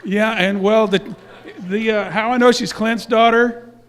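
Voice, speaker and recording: A man's voice: high voice, steady tone, a little slow, fairly bright tone. A man speaking casually to a church congregation, presenting youth awards in a rambling way with fillers and self-corrections.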